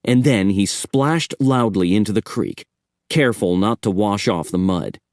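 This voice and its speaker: Male narrator, low-ish voice, slow lively storytelling, dry studio. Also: dry recording. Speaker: audiobook narrator. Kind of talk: scripted horror audiobook narration.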